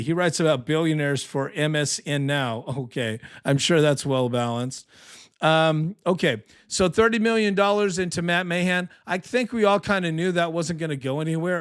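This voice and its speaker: A man's voice: on the high side, smooth. Rambling sarcastic man commentating live. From California. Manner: rambling, sarcastic, restarts often, excited. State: tired from little sleep. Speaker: political podcast host. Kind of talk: casual live election commentary.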